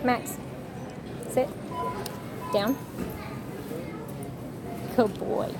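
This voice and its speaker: Over loud background music, a young woman with a slightly high voice speaks extremely slowly, her tone steady, as she vlogs with her service dog. She addresses him in sing-song baby talk and issues brief commands.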